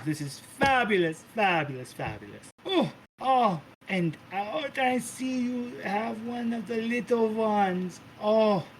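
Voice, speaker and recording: A man's voice: high voice, slight background noise, pitched above the performer's own voice. Man putting on a gushing foul-mouthed goddess mother. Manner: theatrical, gushing, swears, calls everyone darling. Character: flamboyant hot-tempered female mother goddess.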